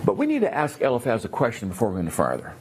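Male Bible class teacher, very expressive pitch, acts out characters, slight hiss behind. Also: rapid-fire. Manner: animated, acts out characters, repeats words.

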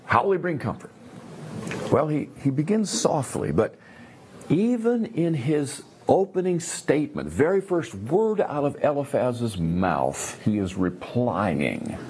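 Animated man teaching a Bible class. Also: mid-range voice, measured pace. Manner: animated, acts out characters, repeats words.

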